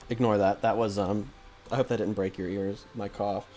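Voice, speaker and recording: A man's voice: on the low side, fairly even intonation, measured pace, fairly bright tone, soft background music. A man streaming a strategy game, chatting with viewers in a rambling, self-deprecating way with lots of hesitations into a desk microphone. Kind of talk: casual live-stream chat with viewers.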